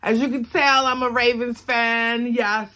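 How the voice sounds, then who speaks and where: A woman with a Baltimore accent rambles to her phone camera at home, using lots of fillers in a casual vlog. Her fairly high, bright voice is forceful and level in tone, and she talks a little slowly.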